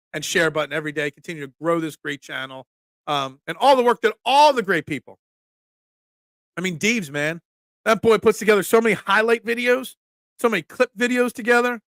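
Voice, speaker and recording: A man's voice: high-pitched, a bit bright, no room sound, studio quality. A middle-aged man hosting a casual sports talk stream, joking and chatting through viewer comments. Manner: chatty, joking asides, fillers and restarts. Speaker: sports talk show host. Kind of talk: casual live-stream chat reading comments.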